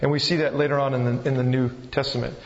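A man's voice: medium pitch, flat delivery, fast talker. A man preaching a sermon in a loose, conversational way, often restarting his sentences. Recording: echoey hall, dull sound.

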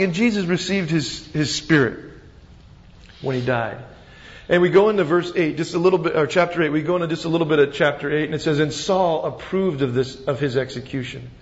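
A man preaching a sermon as pastor, retelling the scene with animated, dramatic storytelling. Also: a little high, brisk. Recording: dull sound with long reverb.

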